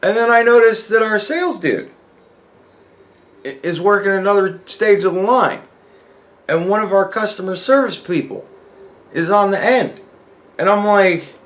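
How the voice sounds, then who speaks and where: A man's voice: high voice, measured pace, long pauses, fairly bright tone. A young man telling a work story in a casual, profane rant, acting out the dialogue. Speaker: vlogger.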